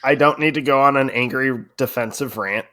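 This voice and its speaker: A man's voice: medium pitch, normal speed, fairly bright tone, no echo, studio quality. Easygoing male podcast co-host. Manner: teasing, then earnest and reflective. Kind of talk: casual chat.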